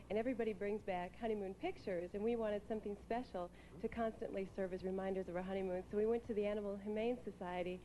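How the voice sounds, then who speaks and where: A woman's voice: medium pitch, mellow, slight background noise, poor audio. A woman from the United States competing in a pageant, answering the host earnestly on stage. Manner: earnest and rapid. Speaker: pageant contestant.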